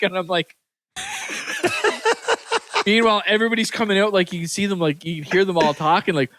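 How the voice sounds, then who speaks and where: A Canadian man co-hosting a podcast, telling stories in a lively way, acting out the people in them and laughing often. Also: high-pitched, fairly quick, dry recording. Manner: animated storyteller, acts out other voices, laughs often. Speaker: podcast co-host. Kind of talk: casual chat.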